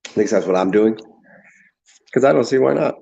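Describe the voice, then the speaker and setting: A man's voice: lowish voice, lively intonation, a little fast, creaky, mellow, husky, dull audio. A man chatting casually on a livestream, rambling and laughing while he eats and drinks. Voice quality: rambling, laughs often, talks with mouth full. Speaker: livestream host.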